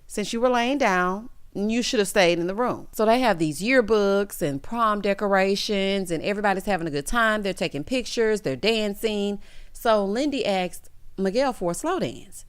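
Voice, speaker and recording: A woman's voice: medium pitch, normal speed, clean tone. A young adult woman giving a blunt, sassy recap of a reality show, talking straight to the people on screen. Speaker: recap commentator.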